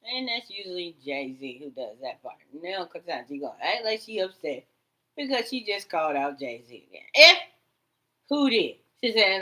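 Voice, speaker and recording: Animated bright-voiced woman ranting. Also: moderate pace, low-quality recording. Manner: animated, swings between loud outbursts and low mutters, swears. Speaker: vlogger. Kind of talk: rambling personal monologue.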